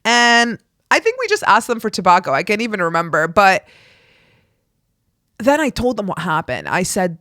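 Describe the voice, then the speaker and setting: A woman's voice: fairly low pitch, big pitch swings, normal speed, a bit bright, dry recording, clean studio sound. A woman hosting a podcast alone, telling a personal story in a frank, profane way and acting out the lines of the people in it. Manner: frank and profane, acts out quoted dialogue. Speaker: podcast host. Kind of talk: candid solo storytelling.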